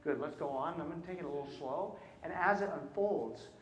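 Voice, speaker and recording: A man's voice: a little high, brisk. A man working as a choir clinician, coaching singers through a rehearsal and often asking questions and checking in with "right?". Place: concert hall. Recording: roomy hall sound.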